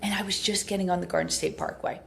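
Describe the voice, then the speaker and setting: A middle-aged woman, a podcast guest telling stories in a casual, animated way, full of fillers. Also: fairly low pitch, fast talker, vocal fry, a little hiss or hum. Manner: animated, acts out quoted speech, frequent fillers. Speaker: podcast guest, abuse recovery coach. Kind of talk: casual storytelling interview.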